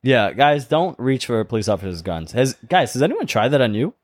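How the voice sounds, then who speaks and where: A man's voice: medium pitch, very animated, a little fast, no room sound. A man co-hosting a casual podcast, telling a news story and reviewing a cigar, laughing often. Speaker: podcast co-host. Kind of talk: casual chat.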